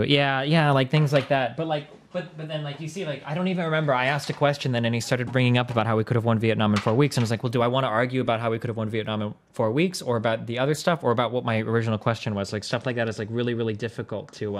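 Fast-talking rambling male streamer. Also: medium pitch. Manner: rambling, self-correcting, lots of "like" and "um". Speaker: streamer and debate host. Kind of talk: casual livestream chat.

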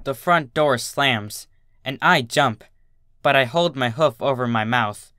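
A man reading a dark story aloud in first-person narration, with a halting, tense delivery. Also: medium pitch, clear, resonant tone. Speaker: fanfiction reader.

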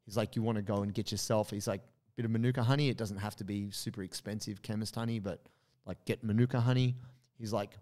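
A man's voice: lowish voice, fairly even intonation, fast talker, darkish tone. A man, telling a story in casual podcast chat with many fillers and quoted asides. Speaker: podcast co-host.

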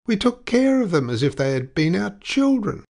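A man acting out a middle-aged station chief for a storybook recording, shrill and stuttering with rage, pitched well above a deep, gravelly reading voice and pushed out loudly. He is easily roused to indignation. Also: very animated, normal speed, full character voice. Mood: indignant. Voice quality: shrill, stuttering when enraged. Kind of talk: audiobook character voice.

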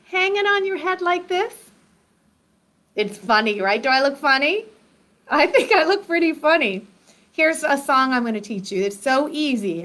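A woman hosting a children's sing-along activity lesson, who talks slowly and encouragingly, straight to young children at home. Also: sits high, a bit bright. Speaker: children's program host.

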